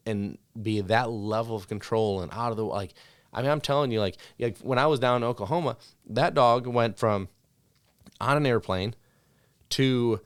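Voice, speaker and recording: In a studio, a man who co-hosts a podcast and trains dogs swaps stories conversationally, peppered with "like" and "you know." He speaks at normal speed in a mid-range, clean voice, with studio quality and no echo.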